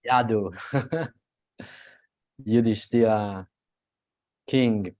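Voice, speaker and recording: A man from Italy with an Italian accent, speaking earnestly at a devotional gathering, halting and laughing a little as he restarts. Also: on the low side, dry recording, dull audio. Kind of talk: devotional talk on a video call.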